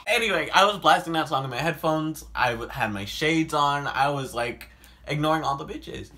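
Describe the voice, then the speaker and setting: A young man telling a personal story in a casual vlog. He talks animatedly, swears a lot, fills his speech with "like", and breaks into sudden loud outbursts. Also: mid-range voice, animated, moderate pace, heavy background noise. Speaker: vlogger.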